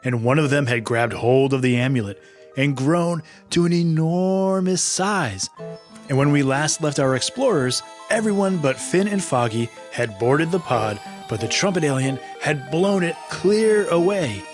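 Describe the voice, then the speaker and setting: A man's voice: on the high side, expressive, measured pace, faint music behind. Man narrating a children's story podcast. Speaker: host and narrator.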